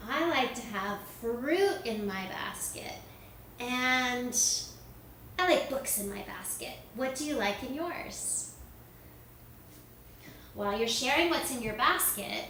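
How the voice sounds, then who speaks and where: A woman guiding children through a yoga lesson, gentle and encouraging with a sing-song lilt. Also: on the high side, a little hiss or hum. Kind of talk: guided kids' yoga lesson. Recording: echoey room, recorded from a distance.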